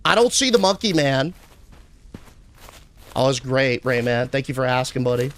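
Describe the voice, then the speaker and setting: A young man streaming a game live, chatting casually and answering his chat with shout-outs. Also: medium pitch, animated, normal speed.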